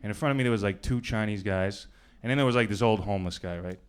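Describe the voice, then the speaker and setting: A male stand-up comedian from New York doing a club set in a conversational, deadpan style with bursts of acted voices. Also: lowish voice, fast, smooth. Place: comedy club stage before a live audience. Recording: live club recording with audience noise.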